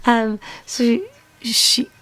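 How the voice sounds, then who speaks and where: A woman's voice: on the high side, flat delivery, drawn-out words, fairly bright tone, no echo. A woman in her forties chatting casually as a beauty vlogger, rambling, trailing off and restarting her sentences. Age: 40s. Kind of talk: casual makeup tutorial chat.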